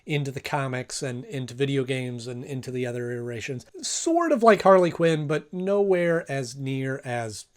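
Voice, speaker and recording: A man's voice: mid-range voice, lively intonation, normal speed, few pauses. A man casually reviewing a cartoon episode, rambling and hesitant with many fillers.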